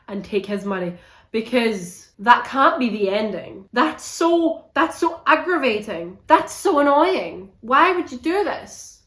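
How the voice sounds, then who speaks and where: A young woman giving a casual, animated book review, swearing a lot and sounding exasperated. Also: medium pitch, echoey room.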